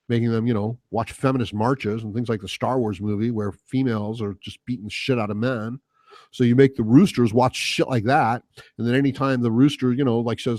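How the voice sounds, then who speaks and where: A man's voice: mid-range voice, darkish tone, dry recording, clean studio sound. A man hosting a solo podcast, ranting casually in a rambling, profane way with lots of fillers. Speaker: podcast host.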